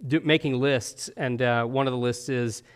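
A man preaching a sermon in an earnest, conversational way, often pausing with fillers and asking "right?". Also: medium pitch, fairly even intonation, smooth.

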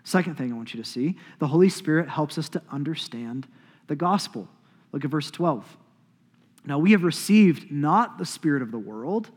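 High-voiced husky preacher in a reverberant hall. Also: male voice, expressive, normal speed. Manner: emphatic, swings between loud declarations and quiet asides. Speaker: pastor. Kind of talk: sermon.

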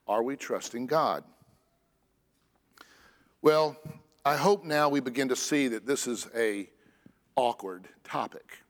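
A man preaching a sermon as pastor, earnest and lively, stressing phrases between pauses. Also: mid-range voice. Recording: echoey church hall.

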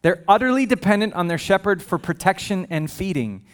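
A male pastor preaching a sermon with a fairly high voice. He talks casually and with humor, often breaking off for asides. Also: animated, brisk. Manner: conversational and humorous, with frequent asides.

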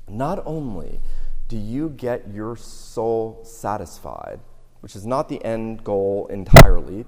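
A man preaching a sermon with earnest intensity, surging loud on key lines and dropping low in between. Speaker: pastor. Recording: long reverb of a large hall.

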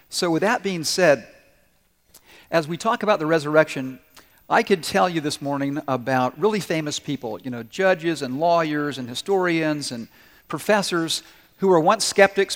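A man preaching as a pastor, his voice a little higher than most men's. He tells stories in a conversational way and speaks directly to the church. The sound rings with the long reverb of a large hall. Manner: storytelling, conversational and direct with the congregation. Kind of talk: sermon.

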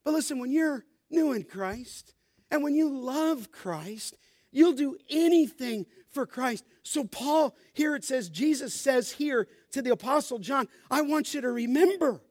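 A middle-aged man preaching with a high, ringing voice. He moves between chatty storytelling and fervent exhortation, and the sound is close and dry with no room around it. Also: a little slow, a little mellow, dry recording. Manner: passionate, rising to emphatic exhortation; storytelling, conversational asides. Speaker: pastor. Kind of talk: sermon.

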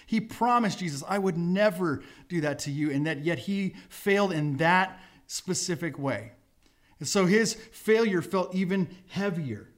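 Lively, conversational male pastor. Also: high-pitched, measured pace. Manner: conversational, acts out quotes with voices. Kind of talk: casual sermon storytelling.

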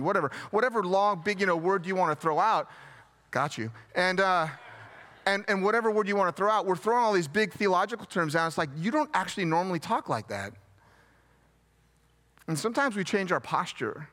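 A man preaching a sermon as pastor, conversational and gently self-deprecating, repeating key phrases for emphasis. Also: high voice, expressive, a little fast.

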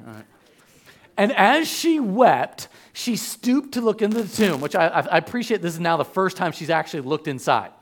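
Guy preaching, super animated, kinda gravelly, jokes around and does the voices in the story. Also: sits high. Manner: conversational, acts out quotes, jokes with the congregation. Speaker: pastor. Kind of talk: animated sermon.

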